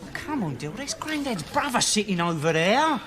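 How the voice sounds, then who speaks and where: An indignant young Londoner. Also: male voice, sits high, very animated, normal speed, background noise. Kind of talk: TV sitcom acting.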